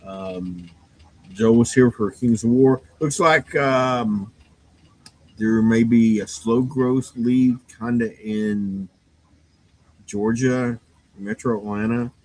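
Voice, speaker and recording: A man's voice: mid-range voice, takes it slowly, low-quality recording. A man who runs a game store, giving a rambling, casual shop update full of fillers and restarts and sounding a bit tired. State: yawning, tired.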